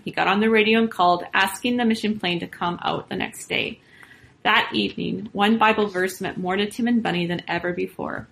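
Woman storyteller reading a children's story aloud, expressive delivery. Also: mid-range voice, brisk, gravelly, low-quality recording.

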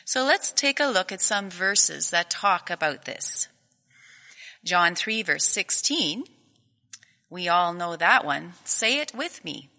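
A woman teaching children, reading a storybook aloud in a gentle, patient, inviting way. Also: fairly low pitch, sing-song, slow pace. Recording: echoey hall with long reverb.

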